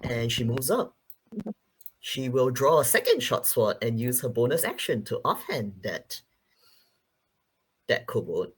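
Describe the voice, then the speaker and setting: A man playing a tabletop game, calmly narrating his character's actions. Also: mid-range voice, a little slow, pauses often, slightly rough. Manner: calm, descriptive narration of actions. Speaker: player. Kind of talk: tabletop role-play narration.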